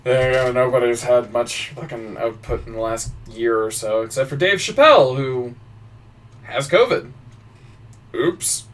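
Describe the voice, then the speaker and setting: A man's voice: mid-range voice, expressive, a little slow, recorded from a distance. Guy rambling on his podcast, swears a lot, trips over words, drifts away from the mic. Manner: swearing, stammering, laughing, mimics voices. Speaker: podcast host. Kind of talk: casual chat.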